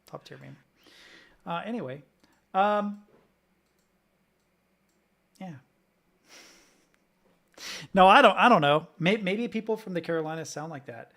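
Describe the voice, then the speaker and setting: A man's voice: high voice, lively intonation, a little slow, long pauses, a bit bright. A man from the Southern United States, streaming and ranting casually with lots of swearing while he reacts to clips. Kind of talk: live-stream reaction commentary.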